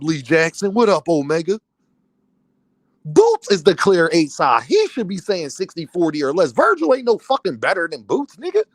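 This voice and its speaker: A man's voice: sits high, no echo. A man, a boxing content creator, ranting on a livestream, angry, profane and heated. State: worked up and fuming. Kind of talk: livestream rant.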